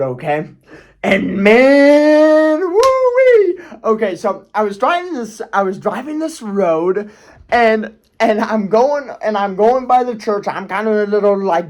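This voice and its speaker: A man telling a personal story on his video channel, rambling and often checking in with "okay?". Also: high-pitched. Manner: rambling, keeps asking "okay?", restarts, swears. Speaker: YouTuber. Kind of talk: casual storytelling vlog.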